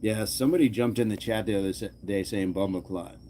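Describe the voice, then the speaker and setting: A man's voice: on the low side, fast, warm tone, slight background noise. A man hosting a fitness channel, chatting casually with his live chat, joking often and laughing. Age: adult.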